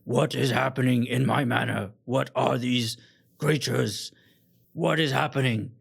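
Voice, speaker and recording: A man voicing an angry male noble who roars and shouts demands at intruders in his manor. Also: fairly low pitch, fairly even intonation, slow, gravelly, slightly rough, full character voice. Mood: furious.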